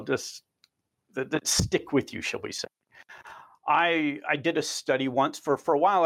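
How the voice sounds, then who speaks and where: A man, a research scientist, answering interview questions as an animated storyteller who repeats words at the start of phrases. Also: mid-range voice.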